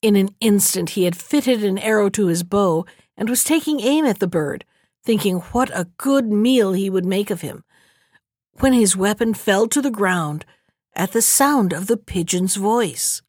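A woman narrates a fairy tale audiobook in a steady, measured manner. Her voice sits mid-range for a woman. The recording is dry and close, with no room sound. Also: mid-range voice, no room sound.

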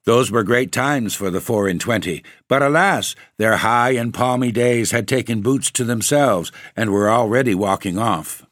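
A man narrating a classic story for a podcast, in a measured, wry storytelling manner. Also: on the low side, fairly bright tone, no room sound, clean studio sound. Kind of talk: scripted ghost-story reading.

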